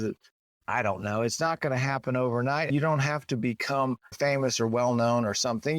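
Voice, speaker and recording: A man in his sixties, a guest potter in a casual interview, talking in a rambling, animated way and jumping up in pitch when he acts out quotes. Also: creaky, dry recording. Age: 60s.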